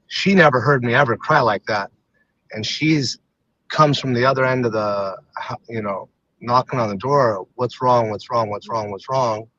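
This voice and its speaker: Man, podcast guest, frank and halting, ordinary mid pitch, dull dry recording. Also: bright, forceful tone, no echo. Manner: halting, open, many fillers and restarts. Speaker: podcast guest, retired MMA fighter. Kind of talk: candid personal storytelling.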